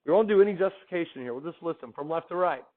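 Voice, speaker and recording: A math teacher with a slightly high, expressive voice lectures his class very fast in an upbeat, chatty manner, often stopping to quiz students with questions. The recording sounds narrow and tinny, like a phone line.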